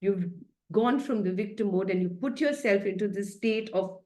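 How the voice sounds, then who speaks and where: A woman's voice: mid-range voice, moderate pace, darkish tone. A woman, a happiness coach giving a chatty, playful self-care talk over a video call, often laughing and coaxing her listeners.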